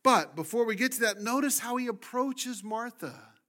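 Pastor dropping to a near-whisper. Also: male voice, very high-pitched, animated, normal speed. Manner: swings from loud emphasis to hushed near-whisper. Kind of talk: sermon.

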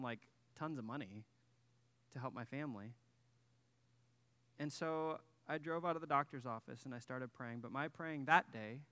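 A man's voice: mid-range voice, a bit bright. A man in his thirties preaching to a church congregation, telling a personal story in a conversational, self-deprecating way and joking with the people in the pews. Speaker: guest pastor. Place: church sanctuary.

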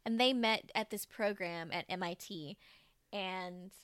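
A woman's voice: lowish voice, measured pace, fairly bright tone, dry recording, studio quality. Teasing, chatty woman podcast co-host. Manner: teasing, chatty, laughs often. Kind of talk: casual chat.

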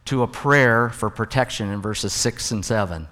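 A man's voice: fairly low pitch, moderate pace, sharp tone. Man preaching in a reverberant hall. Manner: conversational, tells jokes and stories from the pulpit. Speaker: pastor. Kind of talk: sermon.

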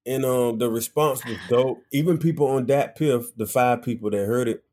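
A man's voice: medium pitch, normal speed, warm tone. A young adult man, a musician being interviewed, telling laid-back stories and acting out the voices of people in them. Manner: laid-back storytelling, acts out voices in anecdotes. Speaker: musician guest. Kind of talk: casual interview conversation.

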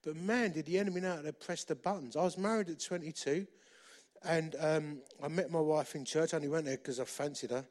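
A man preaches by telling his own story. He is animated and jokes at his own expense. His speaking voice sits somewhat high. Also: brisk. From England. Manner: animated, self-deprecating humour. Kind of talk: storytelling sermon.

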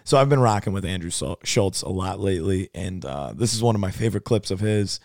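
A young male podcast co-host talking quickly in a laid-back, slangy way. His lowish voice has a gravelly edge. The recording is close and dry. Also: lively intonation, darkish tone, dry recording. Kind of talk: casual podcast chat.

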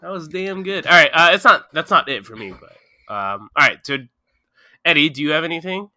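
A man hosting a casual podcast, teasing his co-hosts. His voice is very bright and sharp, and it climbs and drops a lot. The sound is dry and close. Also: a little high, expressive, brisk, no room sound. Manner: joking, teasing, runs the segments. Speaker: podcast host. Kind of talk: casual chat.

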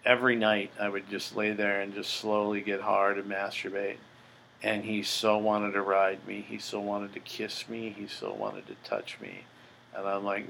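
A man's voice: on the low side, moderate pace, creaky, bright, forceful tone, slight background noise, low-quality recording. An older man hosting a podcast, telling a story in a blunt, profane, boastful way. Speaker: podcast host. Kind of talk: casual storytelling monologue.

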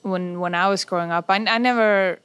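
A woman's voice: medium pitch, fairly quick, a bit bright, clear, resonant tone, dry recording. A woman chef as an interview guest, giving sincere advice in a hesitant way, restarting her sentences often. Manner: hesitant, with frequent restarts and filler "uh". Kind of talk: casual conversational interview.

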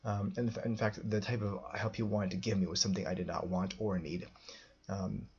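A man's voice: fairly low pitch, level tone, a little fast, darkish tone, highs cut off. A man telling a personal story as a podcast host, rambling with many restarts and fillers.

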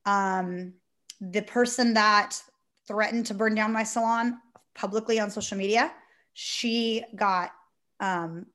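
A woman telling her story in a casual talk show, animated and full of "like". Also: medium pitch, takes it slowly. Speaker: salon owner, guest. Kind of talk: casual podcast conversation.

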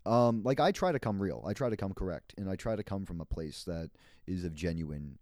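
Deep, mellow man rambling on a podcast. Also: animated, brisk, dry recording, studio quality. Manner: meandering, playful, with frequent laughs and restarts. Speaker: podcast host. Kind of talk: rambling solo podcast monologue.

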